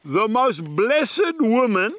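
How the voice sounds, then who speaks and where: Earnest bright-voiced outdoor preacher man. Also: very high voice, sing-song, slow, no echo. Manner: earnest, homely, speaks straight to the listener. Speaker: evangelist host. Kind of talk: folksy devotional address to viewers. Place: outdoors in a horse schooling ring.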